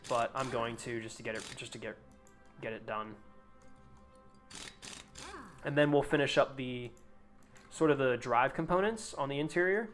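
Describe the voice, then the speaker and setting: A man's voice: mid-range voice, fairly bright tone. A young man chatting casually on a live game stream, rambling, swearing freely and laughing at his own jokes.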